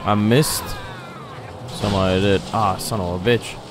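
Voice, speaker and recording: A young man giving loud, joking, profane commentary while playing a video game. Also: on the low side, steady tone, a little slow, noisy background. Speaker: gaming video creator. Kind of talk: let's-play commentary.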